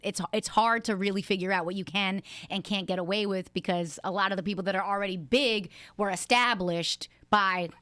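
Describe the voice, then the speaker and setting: Woman host, bright and forceful tone, dry close mic, chatty. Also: medium pitch, steady tone, no room sound. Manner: chatty, supportive, quick-talking. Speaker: podcast host. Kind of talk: casual podcast chat.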